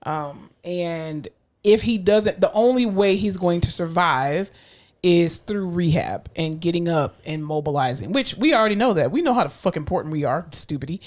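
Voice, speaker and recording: A woman's voice: on the low side, expressive, normal speed, darkish tone. A woman co-hosting a podcast, telling a work story in casual chat, easygoing, swearing now and then and acting out the voices she quotes. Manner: laid-back, swears, acts out quoted voices. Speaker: podcast co-host.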